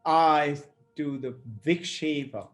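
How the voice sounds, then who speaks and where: A man explains scripture in a high, lifted voice, taking his time over each phrase. He tells his points as stories and slips into the voices of the people in them. Faint music plays behind him. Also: steady tone, slow. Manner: storytelling, acts out quoted speakers. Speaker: spiritual teacher.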